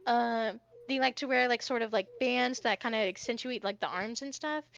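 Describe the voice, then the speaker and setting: A woman's voice: a little high, normal speed, gravelly, fairly bright tone, muffled recording. A woman as game master, narrating a live-streamed tabletop game casually with many fillers. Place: home streaming setup.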